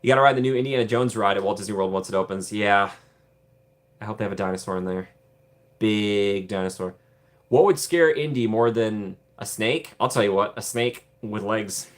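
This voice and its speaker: A man's voice: lowish voice, normal speed. Chatty, rambling man hosting a live stream. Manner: rambling and chatty, laughs often, repeats himself. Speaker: streamer host. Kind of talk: casual live-stream chat, answering viewer comments.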